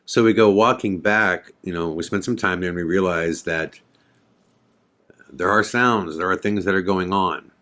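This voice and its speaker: A man's voice: low voice, moderate pace, pushed and bright. A man hosting a podcast, telling a story in a casual, conversational way full of fillers and quoted dialogue. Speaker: podcast host.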